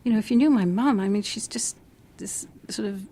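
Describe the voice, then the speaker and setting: A woman speaking to camera in a reflective way with soft asides. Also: medium pitch, a little fast. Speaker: interviewee. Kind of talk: to-camera personal storytelling.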